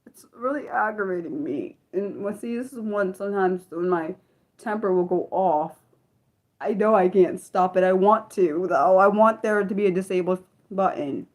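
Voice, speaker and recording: A woman's voice: mid-range voice, normal speed. A young woman hosting an unscripted livestream, chatting in a rambling way with lots of filler words. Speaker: livestream host.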